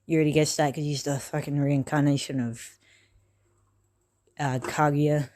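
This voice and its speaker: A person improvising a fan-fiction story at home in a loose, unscripted way, stopping often to correct themselves. The talk is casual and peppered with swearing, and the pitch sits in a middle range. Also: level tone, moderate pace, darkish tone. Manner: rambling, loose and unscripted, full of self-corrections.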